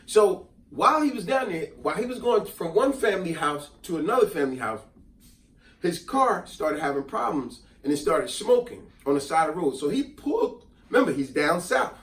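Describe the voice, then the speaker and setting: A middle-aged New man tells a story in casual chat, animated and acting out each voice. His voice sits high for a man. He sounds roomy and set back from the mic. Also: normal speed. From New Jersey. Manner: animated, acts out quoted voices. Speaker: host. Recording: echoey room, mic at a distance.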